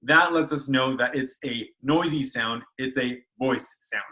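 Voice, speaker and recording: A man's voice: mid-range voice, unhurried, bright, forceful tone, low-quality recording. A man speech therapist teaching children how to make speech sounds in a video lesson, carefully modeling each sound. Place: school.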